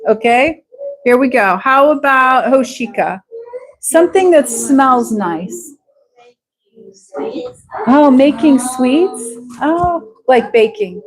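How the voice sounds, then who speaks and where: A woman teaching a live English class, speaking slowly and patiently and repeating words so students can follow. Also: sits high, lively intonation, poor audio. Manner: slow, patient, drawn-out repetition of words.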